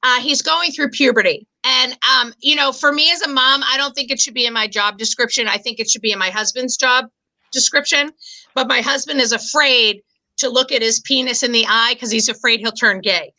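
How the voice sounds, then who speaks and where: High, bright-voiced woman doing stand-up. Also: fairly quick, rough recording. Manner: self-deprecating, frequent fillers and restarts. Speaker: stand-up comedian. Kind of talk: stand-up comedy set.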